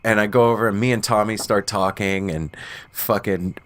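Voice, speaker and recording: A young man co-hosting a podcast, telling a story in a relaxed, casual way and swearing freely. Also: fairly low pitch, moderate pace. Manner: laid-back, swearing storyteller. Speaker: podcast co-host.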